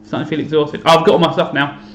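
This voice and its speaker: A man's voice: on the high side, little pitch movement, rapid-fire, echoey room, soft background music. A man chatting casually on a live stream while playing a game, self-mocking and thinking aloud to his viewers. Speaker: teacher streaming to students. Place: home room.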